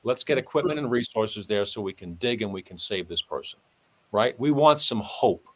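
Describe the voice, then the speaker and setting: A man's voice: on the low side, normal speed. A man, a former police sergeant, telling a long story in conversation and acting out the voices of the people in it. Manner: animated, acts out dialogue with shifting voice.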